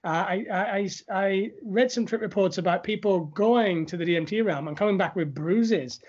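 A man's voice: high-pitched, moderate pace, darkish tone. A man hosting a podcast, asking hesitant, stumbling interview questions. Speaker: podcast host. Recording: dull lo-fi sound.

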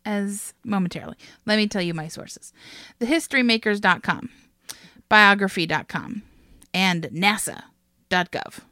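A woman's voice: mid-range voice, animated, normal speed, pauses often, sharp tone, no echo, studio quality. A woman hosting a casual chat podcast, retelling a history story with frequent laughs and casual swearing.

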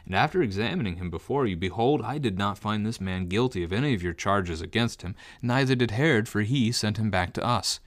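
A man voicing Pilate, a reluctant Roman governor, in a plain, measured scripture reading. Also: on the low side, lightly acted. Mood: reasoning.

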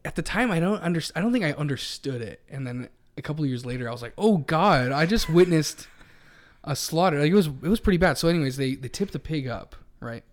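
A man co-hosting a casual podcast tells a long story. He rambles and corrects himself as he goes, in a voice pitched a little on the high side. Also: expressive, fast, hardly any pauses. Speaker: podcast co-host.

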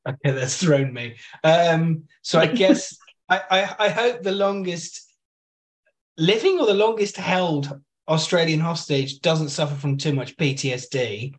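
A man's voice: on the high side, measured pace. A man co-hosting a casual TV podcast, with dry jokes between his opinions. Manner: dry, joking. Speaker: podcast co-host. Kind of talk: casual chat.

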